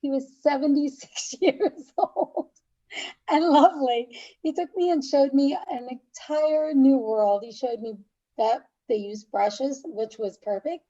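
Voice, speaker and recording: A middle-aged woman from upstate New York telling her life story as a guest in an interview, animated and laughing often as she acts out dialogue. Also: sits high, slow pace, highs cut off. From Albany, New York. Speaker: makeup artist, podcast guest.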